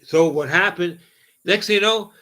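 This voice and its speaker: A man telling an excited, rambling story in casual speech, full of swearing, with "right?" and "okay?" tacked onto nearly every line. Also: sits high, normal speed, low-quality recording. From Southern Ontario, Canada.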